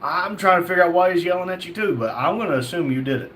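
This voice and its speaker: A man hosting a live stream, reading viewers' chat messages aloud and answering them in a relaxed, chatty way. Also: high-pitched, quick pace. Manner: reads chat names aloud, chatty and easygoing. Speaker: livestream host reading chat.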